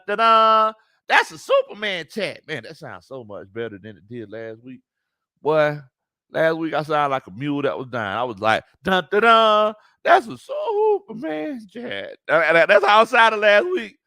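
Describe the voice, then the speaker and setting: A man's voice: fairly high pitch, dry recording, clean studio sound. A man hosts a casual live sports stream, reading chat comments, laughing often and drawing out his words. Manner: animated, laughs often, drawn-out colloquial speech. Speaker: sports talk show host.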